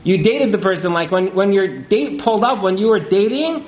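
A man speaking as a marriage counselor in a casual interview, animated, with many fillers, and acting out the couples he quotes. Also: sits high, moderate pace, hardly any pauses, roomy sound, a little hiss or hum, low-quality recording.

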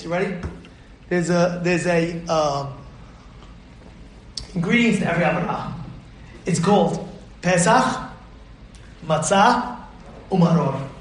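A man giving a rabbi's sermon on the weekly Torah portion, fiery and animated, bursting into shouts as he acts out stories. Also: high voice, very echoey, rough recording.

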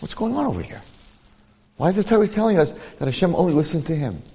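A man teaches a Torah lesson in a lively, storytelling way, firing off rhetorical questions and acting out the people he quotes. His voice sits a little high for a man and swoops widely up and down. It rings with a long reverb, as if in a large hall. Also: fast talker, breathy edge. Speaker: rabbi giving a Torah class. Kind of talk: animated Torah lecture with storytelling.

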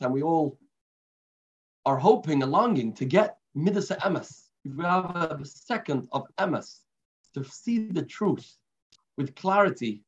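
A man giving a daily religious lesson as a rabbi, telling stories in an earnest, unhurried way. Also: a little high. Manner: earnest, unhurried storytelling teacher. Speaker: rabbi teaching a daily class. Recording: muffled lo-fi recording.

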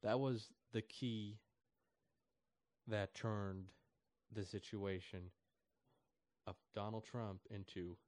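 A man giving an animated political commentary rant. He swings from loud and emphatic to soft, and jumps high when he mocks other people's voices. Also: slow pace, long pauses, no echo.

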